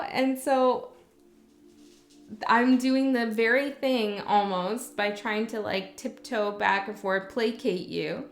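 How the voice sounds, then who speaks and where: A woman speaking slowly in a high-ish voice offers a chatty, frank tarot reading and frequently checks in with the listener by asking "okay?". Her voice echoes in the room over faint music.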